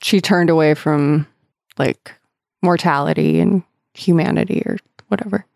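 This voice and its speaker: A young woman in casual chat, chiming in with playful, quick remarks. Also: sits low, sing-song, creaky, darkish tone, no room sound, clean studio sound. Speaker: listener chiming in.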